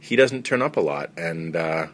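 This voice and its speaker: A man's voice: deep voice, animated, normal speed. A man hosting a podcast, casually reviewing a film in a rambling, enthusiastic way with many fillers and restarts.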